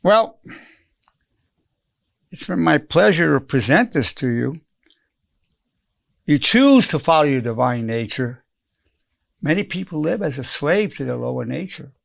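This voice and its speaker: A man's voice: on the high side, sing-song, unhurried, creaky, long pauses, fairly bright tone. A man in his eighties, a psychologist giving an earnest spoken self-help lesson, repeating lines for emphasis and acting out quoted phrases. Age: 80s.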